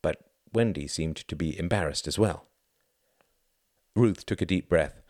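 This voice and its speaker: A man giving expressive scripted narration of a novel. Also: low-pitched, a little slow, no room sound, studio quality. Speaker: audiobook narrator.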